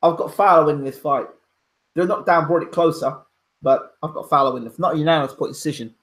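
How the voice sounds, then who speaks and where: A man's voice: fairly high pitch, quick pace, fairly bright tone. A man hosting casual live boxing commentary, opinionated and emphatic, repeating his points. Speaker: boxing pundit and channel host. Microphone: home microphone, audio only.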